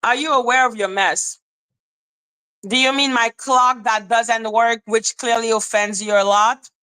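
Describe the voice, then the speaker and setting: A woman's voice: a little high, steady tone, a little slow, bright, forceful tone, clean tone, rough recording. A woman hosting a commentary livestream, ranting in a profane, sarcastic and scornful way. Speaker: commentary channel host. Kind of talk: livestream rant.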